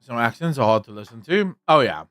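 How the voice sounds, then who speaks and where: A man's voice: mid-range voice, expressive, fairly quick, fairly bright tone, no room sound, studio quality, faint music behind. A man chatting casually on a livestream, answering his chat, rambling and opinionated with frequent restarts.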